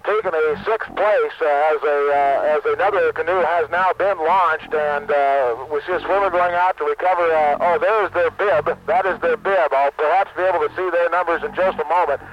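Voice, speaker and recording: A man's voice: a little high, fairly even intonation, normal speed, hardly any pauses. Man, field reporter on the water, rambling, many fillers, muffled radio link, faint noise.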